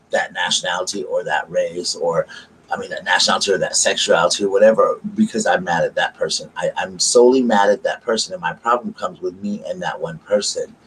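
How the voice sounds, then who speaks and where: This Southern-accented vlogger from the US sits low in pitch, and the low-quality recording carries a little hiss or hum. Chatting casually to camera, he retells an argument in a rambling, repetitive way.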